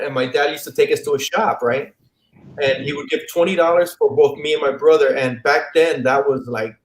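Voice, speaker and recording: A man from the Miami area, a comic YouTuber as guest, telling stories in a rambling way and often repeating words over a video call mic. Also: a little high. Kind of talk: casual live-stream chat. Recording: roomy echo, faint hiss.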